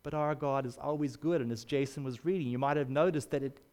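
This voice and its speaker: A man's voice: medium pitch, steady tone, fast, a little mellow. A man preaching a sermon. He speaks earnestly and leans hard on his key words.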